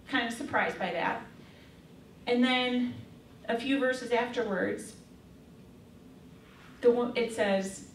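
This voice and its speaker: A woman's voice: a little high, takes it slowly, pauses often, a little hiss or hum. A woman giving a casual faith talk to young women, telling a story in a chatty way with lots of fillers. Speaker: speaker. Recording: echoey room, mic far off.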